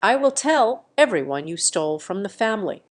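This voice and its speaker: A woman's voice: medium pitch, normal speed, close to an everyday voice. A woman reading as a cold, scheming father. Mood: threatening. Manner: calm, flat, menacing. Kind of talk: narrated storytime reading.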